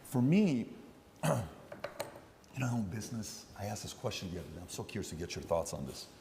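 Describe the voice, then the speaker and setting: A man's voice: fairly low pitch, big pitch swings, moderate pace, long reverb tail, very noisy. A man in his thirties hosting a casual podcast chat, rambling and acting out the people he quotes. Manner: rambling, acts out quoted voices. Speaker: podcast host. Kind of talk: casual talk show chat.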